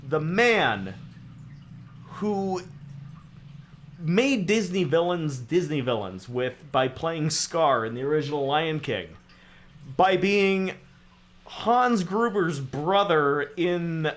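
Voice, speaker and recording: A man's voice: on the high side, animated, slow, a little hiss or hum. A man with a slightly raised voice riffs through a casual film podcast, heaping mock praise and then knocking it down. He swears freely and talks with sarcastic gusto. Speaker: podcast co-host. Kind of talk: casual movie chat.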